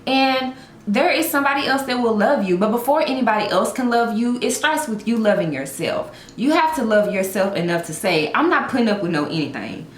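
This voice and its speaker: A woman's voice: on the high side, expressive, fairly quick, roomy sound, slight background noise. A woman telling a personal story in a heartfelt vlog, speaking earnestly and encouraging her viewers with emphatic repetition. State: tearful at times. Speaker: vlogger.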